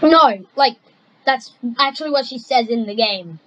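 A woman giving casual, chatty commentary while playing a game, excitable and jumping between topics. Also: high voice, unhurried, dull audio, slight background noise. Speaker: gamer streamer.

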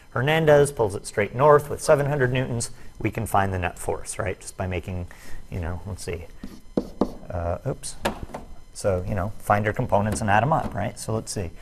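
Jokey physics teacher working through problems. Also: male voice, lowish voice, normal speed. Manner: jokey, self-deprecating asides. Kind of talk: recorded classroom lesson video.

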